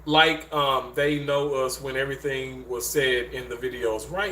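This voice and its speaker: A man in his thirties hosting a casual livestream and reading viewer comments, animated and emotional, dropping low and earnest then jumping high and excited, recorded on handheld mics in a room at home. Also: moderate pace, few pauses. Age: 30s. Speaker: livestream host. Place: indoor room with a bed. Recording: echoey room, faint background noise.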